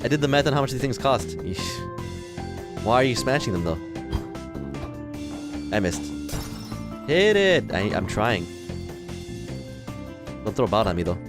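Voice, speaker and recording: A young let's play host from Chicago in the US Midwest jokes and comments casually while playing a video game, often talking back to the characters. His voice is on the low side, his pace moderate, and he pauses often. Music plays in the background.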